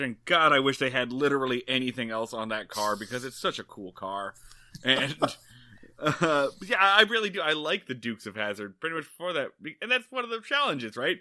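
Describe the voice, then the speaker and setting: Male host, animated and jokey, very bright, lively pitch. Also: normal speed. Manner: animated, joking, casual swearing. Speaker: podcast host. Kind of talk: casual discussion.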